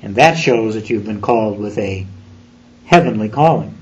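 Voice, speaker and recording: A man preaching an expository sermon, deliberate and emphatic, slowing down on key phrases. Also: on the low side, animated, a little mellow, dull audio.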